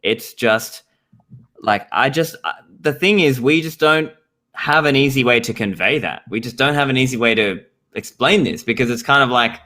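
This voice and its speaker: A man's voice: mid-range voice, normal speed, bright, forceful tone. A young Australian man with an Australian accent, a guest in a casual podcast chat, rambling and saying "like" often. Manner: rambling, heavy use of "like".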